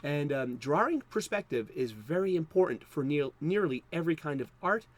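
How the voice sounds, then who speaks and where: A man's voice: on the high side, expressive, normal speed. A man hosting a comics video, talking unscripted in a loose, rambling way. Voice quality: rambling, many fillers and restarts. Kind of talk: unscripted casual talk.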